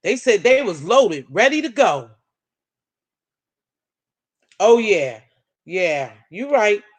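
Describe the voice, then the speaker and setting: A woman's voice: measured pace, dry recording. A woman hosting a live stream, chatting and reacting to her chat in an emphatic, preachy way, calling viewers "baby". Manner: animated, swings pitch up and down. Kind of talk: casual live stream commentary, reading chat.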